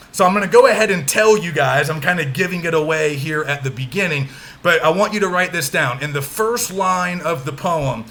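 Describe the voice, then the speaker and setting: A man's voice: on the high side, pushed and bright. A man teaching a recorded lecture, patient and repetitive, checking in with students with frequent "okay?" as he explains.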